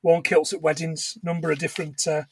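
A man's voice: fairly high pitch, level tone, brisk, a little hiss or hum. A man co-hosting a podcast, chatting casually and laughing often as he acts out bits of dialogue. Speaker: podcast co-host. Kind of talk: casual chat recapping a film.

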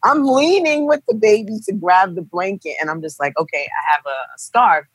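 A woman's voice: mid-range voice, moderate pace, slightly rough, no echo. Dry-sounding young woman telling a story. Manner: animated, acts out quoted voices. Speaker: guest telling a birth story. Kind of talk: casual storytelling.

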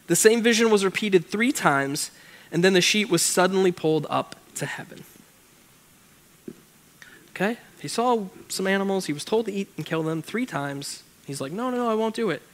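A man's voice: high voice, animated, normal speed, fairly bright tone. A young man preaching a casual sermon, reading scripture aloud and breaking off into chatty, joking asides. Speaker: pastor.

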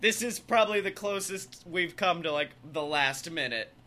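Bright-voiced young man telling stories. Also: sits high, moderate pace. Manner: animated storytelling, acting out quoted people. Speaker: podcast host. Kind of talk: casual chat.

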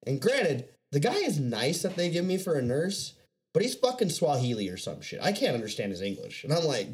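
A man's voice: a little high, huge pitch swings, a little fast. Rambling, profane young man telling stories. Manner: rambling, profane, laughing often. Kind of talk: casual storytelling chat.

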